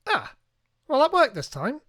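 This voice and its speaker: A man hosting a live tech tutorial, reading instructions aloud and thinking out loud as he goes. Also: extremely high pitch, huge pitch swings, moderate pace, dry recording, studio quality. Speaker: tech streamer.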